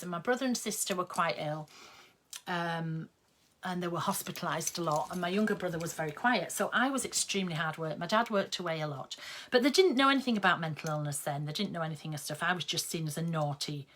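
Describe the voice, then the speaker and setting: On a live stream, an older Englishwoman sews while chatting casually and rambling, with many ums. Her voice is lowish and fairly bright.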